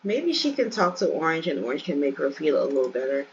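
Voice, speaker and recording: A woman's voice: sits low, big pitch swings, fast talker, muffled recording, slight background noise. A woman hosting a let's play, giving chatty, casual commentary and addressing viewers directly.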